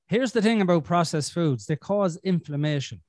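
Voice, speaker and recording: A man's voice: fairly high pitch, expressive, moderate pace, darkish tone, no echo, clean studio sound. A man hosting a podcast in casual chat, blunt and sweary with a self-deprecating streak. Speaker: podcast host.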